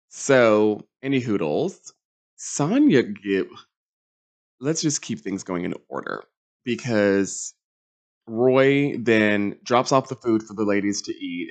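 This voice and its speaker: Sassy, animated man recapping reality TV. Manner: sassy, campy, animated storytelling with big pitch swings. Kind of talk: casual recap monologue.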